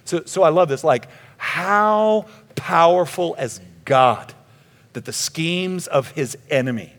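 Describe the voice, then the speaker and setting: A man preaching a conference keynote sermon, animated and jokey, acting out scripture scenes in quick asides. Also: on the high side. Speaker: pastor. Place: large conference hall. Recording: long reverb of a big hall.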